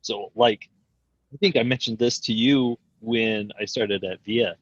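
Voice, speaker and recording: A man's voice: on the low side, steady tone, measured pace, husky, no echo. Male guest joining over a video call, reflective and unsure, lots of fillers, dry and muffled sound. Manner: reflective, hesitant, many "like" and "um" fillers. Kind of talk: casual conversation.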